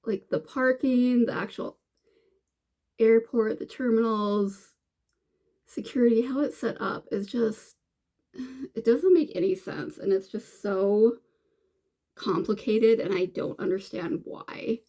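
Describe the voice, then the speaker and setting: Woman vlogger, casual makeup chat, gravelly fry, rambling delivery. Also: fairly high pitch, slow, long pauses, mellow. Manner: rambling, chatty, many fillers and restarts. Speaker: beauty vlogger.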